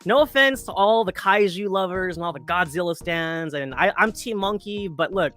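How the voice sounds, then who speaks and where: A chatty man hosting a film news talk. His voice is bright and sits a little high, and he keeps tripping into quick restarts with wry asides. Soft music plays faintly behind him. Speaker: podcast host. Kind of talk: casual chat.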